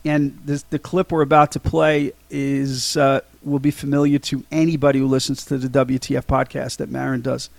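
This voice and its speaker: A man's voice: medium pitch, flat delivery, moderate pace, creaky, hardly any pauses, no room sound. A man co-hosting a podcast, casually recapping a film scene by scene, with lots of ums and restarts. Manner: rambling, many ums and restarts. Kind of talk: casual chat.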